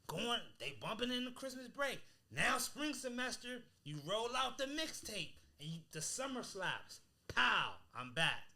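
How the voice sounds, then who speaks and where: Bright-voiced animated male podcast host. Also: extremely high pitch, normal speed, creaky, few pauses. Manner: animated, emphatic, heavy slang. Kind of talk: casual podcast chat.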